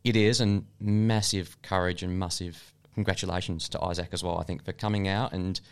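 A man's voice: low-pitched, steady tone, normal speed, creaky, clear, resonant tone. A man co-hosting a podcast, chatting casually and opinionatedly about basketball. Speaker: podcast co-host. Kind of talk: casual sports chat.

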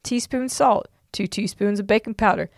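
A woman's voice: medium pitch, normal speed, vocal fry, no echo, studio quality. Woman podcast co-host, casual and laughing, reads recipes with a put-on drawl. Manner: laughs often, playful drawl when reading. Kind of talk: casual chat, reading old recipes aloud.

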